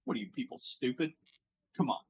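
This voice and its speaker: An American man streaming casual commentary as he reacts to online posts, sarcastic and quick to laugh, sometimes mocking French words. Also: medium pitch, expressive, a bit bright, poor audio.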